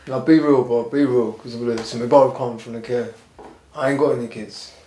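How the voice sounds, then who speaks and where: Flat-voiced podcast host. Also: male voice, medium pitch, normal speed. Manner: laid-back, slangy, encouraging. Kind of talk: casual podcast chat. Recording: echoey room.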